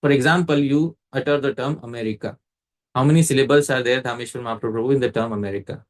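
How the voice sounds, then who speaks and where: A man teaches a scripture class in a calm, measured voice of ordinary pitch. He builds each point slowly and stops now and then to quiz a listener. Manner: measured and explanatory, quizzing the listener. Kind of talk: scriptural lecture.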